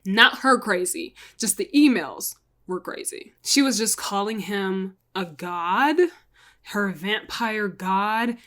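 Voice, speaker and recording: A chatty woman casually retelling a crime story, full of "like" and asides to viewers. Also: mid-range voice. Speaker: storytelling vlogger.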